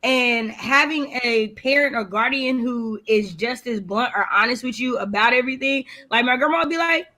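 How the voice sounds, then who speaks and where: Bright, high-voiced blunt woman. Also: normal speed, few pauses. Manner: animated, blunt, laughing storyteller. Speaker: writing stream co-host. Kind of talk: casual chat.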